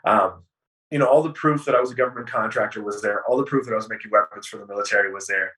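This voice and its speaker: A man guest on an interview show, telling his story in an animated, profane way and acting out the dialogue. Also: on the low side, quick pace, recorded from a distance, poor audio.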